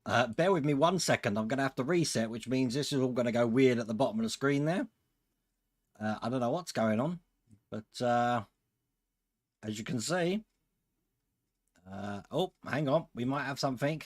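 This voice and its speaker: A man's voice: mid-range voice, animated, moderate pace, pauses often. A man hosting a live stream, chatting casually with viewers and chuckling often. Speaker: host of a model-building channel.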